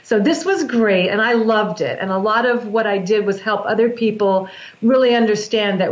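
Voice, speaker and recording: A woman's voice: medium pitch, normal speed. A woman guest explaining breath work in an earnest, flowing way, often restarting her sentences. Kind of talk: explanatory interview talk. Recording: roomy, dull lo-fi sound.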